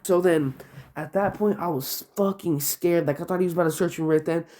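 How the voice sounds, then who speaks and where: A man's voice: on the high side, fairly quick, a little mellow. A young man casually telling a story, rambling and profane, with lots of filler "like". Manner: profane, rambling, heavy use of "like". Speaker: vlogger.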